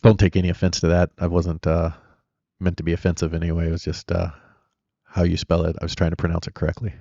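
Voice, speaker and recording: Low-voiced man hosting a trading stream. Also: monotone, fast talker, creaky, warm tone, no room sound, dull audio. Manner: chatty, rambling, answers chat questions; blunt and opinionated. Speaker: live-stream trading host. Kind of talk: casual live-stream commentary.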